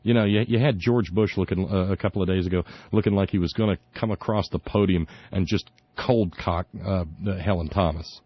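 A man's voice: deep voice, steady tone, brisk, hardly any pauses, husky, dry recording. A man hosting a talk radio show, delivering opinionated political commentary in an indignant, sarcastic manner with frequent stumbles and restarts. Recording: dull lo-fi dry recording.

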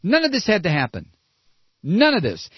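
A male talk radio host rants in an indignant, mocking tone. His voice sits high and swings widely in pitch. The sound is dull and dry, with no room around it. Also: huge pitch swings, normal speed, slightly rough, no echo. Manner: indignant, sarcastic, mocking impressions. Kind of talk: ranting political commentary.

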